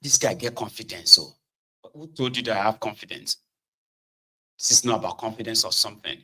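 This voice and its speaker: A man's voice: fairly low pitch, a little fast, long pauses, pushed and bright, rough recording. A middle-aged Nigerian man hosting a political commentary show from his own studio, lecturing his listeners in a defiant, impassioned monologue.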